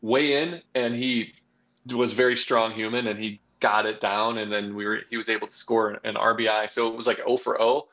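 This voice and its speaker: A man's voice: lowish voice, steady tone, moderate pace, fairly bright tone. A man co-hosting a podcast, telling loose, rambling stories in casual chat. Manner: loose, rambling storytelling with fillers. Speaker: podcast co-host, former pitcher. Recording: dull lo-fi sound.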